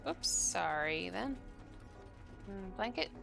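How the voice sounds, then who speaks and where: Lively woman streaming a game. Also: medium pitch, slow, creaky. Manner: chatty, reacts aloud and greets chat. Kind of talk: live gameplay commentary. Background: game music.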